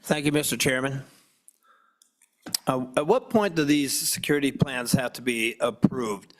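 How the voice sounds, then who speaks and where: A man's voice: medium pitch, measured pace, a little hiss or hum. A state legislator, a man, asking a direct question during a committee hearing.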